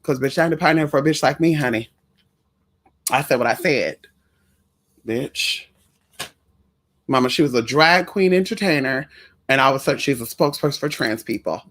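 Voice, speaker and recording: A woman's voice: extremely low pitch, normal speed, long pauses, fairly bright tone. Sassy chatty trans woman vlogger. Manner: sassy, chatty, addresses viewers as y'all and honey. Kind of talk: casual storytelling to viewers.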